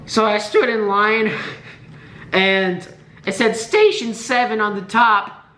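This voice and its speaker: Sitting high with a steady, sharp tone, the voice moves slowly as a young Nebraskan vlogger in his late teens rants sarcastically and profanely. The echoey, roomy space is an indoor room near a window.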